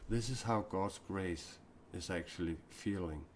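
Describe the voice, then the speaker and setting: Deep-voiced man, earnest and confessional. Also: measured pace, slight background noise. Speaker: self-described mystic and spiritual speaker. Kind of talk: improvised live-stream talk.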